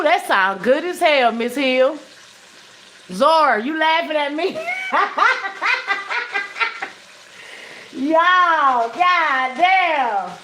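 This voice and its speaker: A woman's voice: high-pitched, fairly bright tone, slight background noise. A woman chatting straight to her viewers while cooking in her home kitchen, salty-tongued and casual. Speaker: home cook vlogger. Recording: echoey kitchen with frying sizzle.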